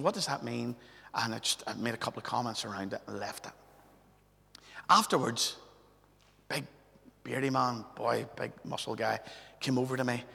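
A man's voice: mid-range voice, creaky, bright, forceful tone, slightly rough. A man preaching a sermon, telling stories in a chatty way and tagging his lines with "right?". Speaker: pastor. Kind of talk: storytelling sermon. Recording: long hall reverb.

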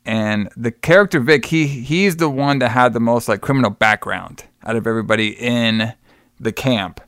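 Smooth-voiced man chatting casually about a movie. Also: mid-range voice, normal speed, a bit bright, no echo, studio quality. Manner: rambling, swearing, acts out quotes with laughs. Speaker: podcast co-host. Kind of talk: casual movie review chat.

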